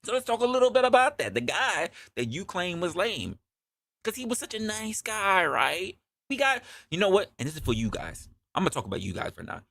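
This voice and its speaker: A man hosting a comedy opinion podcast, talking in a loud, profane, animated way and acting out scenes. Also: high voice, a little fast, creaky, dry recording, clean studio sound. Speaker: podcast host.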